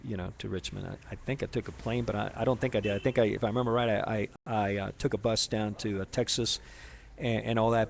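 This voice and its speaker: Speaking directly to someone, a man recounts a personal story in a halting, rambling way, restarting often and leaning on fillers. His voice is lowish and creaky.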